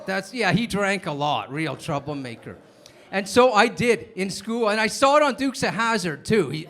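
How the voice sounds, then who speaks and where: A man's voice: sits high, sing-song, normal speed, fairly bright tone. A man in his late thirties doing a stand-up comedy set, telling rambling stories that keep stopping and restarting. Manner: rambling, self-interrupting storyteller.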